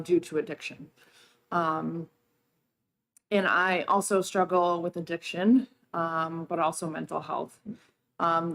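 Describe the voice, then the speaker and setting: A woman giving emotional, hesitant testimony at a state senate hearing, with many pauses and ums. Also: fairly low pitch, fairly bright tone. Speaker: public witness. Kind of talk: public testimony.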